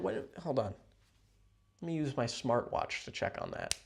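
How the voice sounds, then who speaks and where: A man chatting casually with viewers on a livestream from a hotel room, rambling, playful and sarcastic, jumping between loud outbursts and mutters. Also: medium pitch, very animated, moderate pace, gravelly, pauses often. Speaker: livestream host.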